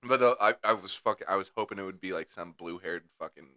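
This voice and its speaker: A man's voice: low voice, fast, bright, forceful tone, no room sound. A young man co-hosting a podcast, telling rambling stories in casual chat and swearing heavily. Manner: crude rambling storyteller, heavy swearing. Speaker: podcast co-host.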